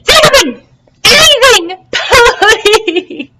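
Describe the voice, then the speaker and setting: A woman's voice: a little high, huge pitch swings, slow pace, fairly bright tone, heavily acted. A woman voicing a pushy, eager little male plankton shrimp in a storybook read-aloud, calling out insistent greetings. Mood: eager, loud.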